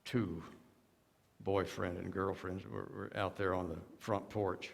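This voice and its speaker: A pastor preaching in a church sanctuary has a low-sitting, gravelly voice with a level tone and measured pace. He tells stories using quoted voices and touches of humor, and a long church reverb fills the recording.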